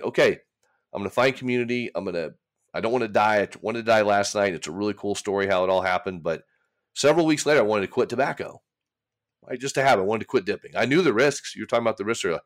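A man, a recovery coach speaking candidly in a casual conversation, rambling and acting out his own inner voices. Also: low-pitched. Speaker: recovery coach, podcast guest.

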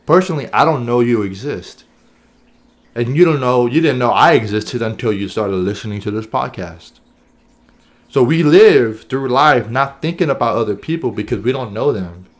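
A man's voice: mid-range voice, animated, moderate pace. A man co-hosting a podcast in casual chat, earnest and thinking aloud, often checking in with "right?". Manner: earnest, thinks aloud with many "right?" and "you know what I'm saying?". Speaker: podcast co-host.

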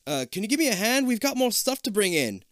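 A man voicing an eager young boy cousin in a bright, raised voice. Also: sits high, sing-song, fast, no echo, clean studio sound, voice pushed up.

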